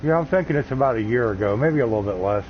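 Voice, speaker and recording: A man's voice: medium pitch, lively intonation, rapid-fire, a little hiss or hum. Laid-back man streaming a game. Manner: rambling, laid-back, folksy. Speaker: gaming livestream host. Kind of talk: casual chat while streaming a game. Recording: slightly dull lo-fi stream audio.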